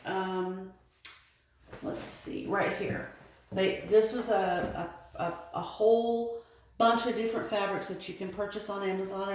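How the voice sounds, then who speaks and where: A woman's voice: mid-range voice, slight background noise. A middle-aged woman from the American South with a Southern accent, casually showing her sewing projects and rambling with many ums and restarts. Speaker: sewing vlogger. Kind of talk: casual show-and-tell vlog. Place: home sewing room. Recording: very echoey room.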